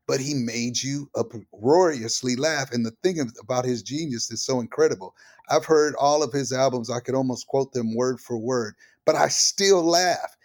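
An older man, a comedian guest on an interview, telling personal stories in a lively, animated way and acting out the voices of the people in them. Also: medium pitch, normal speed. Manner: vivid storyteller who acts out the voices in his stories.

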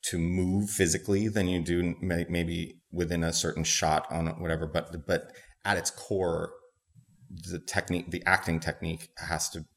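A young adult man, a stage actor, answering interview questions in a thoughtful, measured way. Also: low voice, little pitch movement. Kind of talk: interview conversation.

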